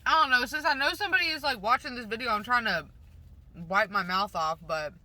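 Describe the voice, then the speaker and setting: Woman vlogger, very bright sharp tone, rambles with her mouth full in a car. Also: on the high side, fairly quick. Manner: talks with mouth full while eating; rambling, self-conscious, blunt. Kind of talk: casual rambling mukbang chat. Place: parked car.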